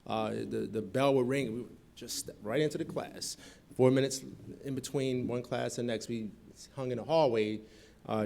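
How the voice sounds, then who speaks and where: A middle-aged man from Newark giving a storytelling talk at a convention, acting out the voices in his story. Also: medium pitch. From Newark, New Jersey. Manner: animated storyteller acting out quoted dialogue. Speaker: guest speaker. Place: convention hall.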